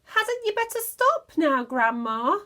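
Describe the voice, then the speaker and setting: A woman voicing an alarmed, excitable young boy in a children's storybook reading, calling out and pleading. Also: very high voice, slow, voice pushed up, exaggerated voice.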